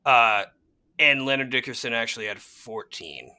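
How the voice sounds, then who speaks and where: A young man co-hosting a casual sports chat, excitable and fan-ish, quick to laugh. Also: medium pitch, clear, resonant tone. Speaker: podcast co-host.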